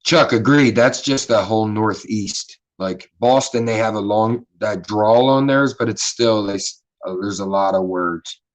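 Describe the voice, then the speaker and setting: A man's voice: fairly low pitch, measured pace, low-quality recording. A man with a Philadelphia accent hosting a casual livestream chat, rambling and swearing freely in a laid-back way. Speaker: livestream host.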